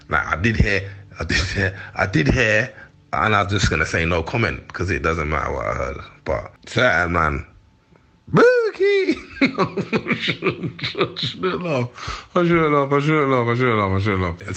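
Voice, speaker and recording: In a low, husky voice with a sharp edge, a forty-something man from London trades street slang in a candid interview. He sounds heated but is quick to break into laughter.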